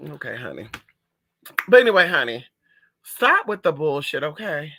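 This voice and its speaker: Sassy male streamer, high voice and bright tone, chatty and animated. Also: normal speed, long pauses. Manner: sassy, animated, calls viewers honey and girl. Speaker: livestream host reading chat. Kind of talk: casual chat.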